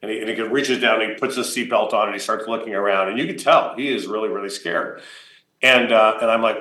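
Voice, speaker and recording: A man at a conference podium spins a long personal anecdote, chatty and animated, with frequent fillers. His voice is bright and forward. The sound carries the roomy echo of a large hall. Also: on the low side, fast. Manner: lively anecdotal storytelling with frequent fillers and laughs. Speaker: conference keynote speaker. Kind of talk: storytelling keynote talk.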